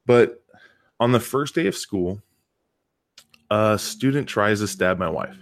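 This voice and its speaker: A man with a fairly low voice co-hosts a casual podcast and tells a long story in the easy talk of a coach and PE teacher. He talks with emphasis and often doubles words to press a point. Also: expressive, takes it slowly. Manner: emphatic, repeats words for stress.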